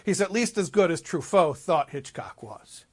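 A man, a rabbi, telling a story in a sermon, swinging from loud emphasis to hushed asides. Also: a little high, big pitch swings, moderate pace, husky.

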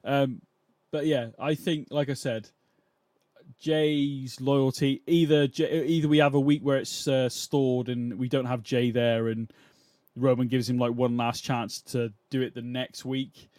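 Brief: male podcast host, relaxed and questioning, mid-range voice, dry close mic. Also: medium pitch, a little slow, no echo. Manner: musing, questioning, laughs often. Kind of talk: casual chat.

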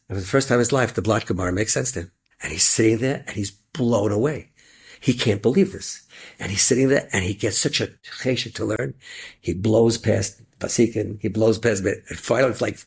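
A man telling an inspirational story in animated storytelling, sprinkling Yiddish and Hebrew words. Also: on the low side, husky.

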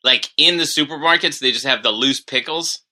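Bright-voiced man, wry co-host. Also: mid-range voice, fairly quick. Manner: wry, swearing anecdotes. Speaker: podcast co-host. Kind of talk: casual comedy podcast chat.

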